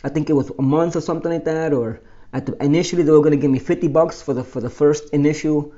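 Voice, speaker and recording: A man casually telling his own life story as host, animated and explaining step by step. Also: a little high, fast, muffled recording. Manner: animated, explains with pointing and numbering.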